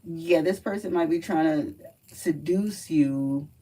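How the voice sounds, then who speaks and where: A woman with a low, mellow voice does a relaxed live card reading, blunt and quick to curse as she talks. She sits a bit back from the mic, with a faint hum of room noise behind her. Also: recorded from a distance, low-quality recording. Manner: blunt, profane, chatty. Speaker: livestream card reader.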